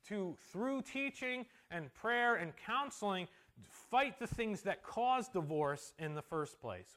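A man preaching a sermon as pastor in a church, telling stories with an animated delivery that drops to a soft hush for emotional moments. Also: high voice.

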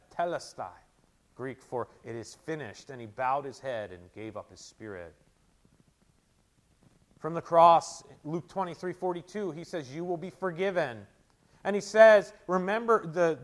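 A man preaching a sermon, moving between quiet, close teaching and loud, emphatic proclamation. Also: high-pitched. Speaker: pastor.

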